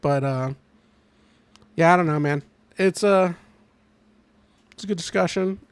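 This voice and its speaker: A man's voice: fairly high pitch, unhurried, clean tone. A young man hosting a casual podcast chat, rambling with lots of fillers and restarts. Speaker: podcast host.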